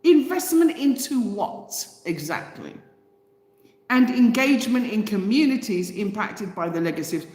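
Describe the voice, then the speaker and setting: A woman's voice: medium pitch, big pitch swings, measured pace, a little mellow. A woman hosting a channel, reading out a news item and reacting with passionate, indignant commentary full of rhetorical questions. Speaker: channel host. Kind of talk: casual commentary. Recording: echoey room with long reverb.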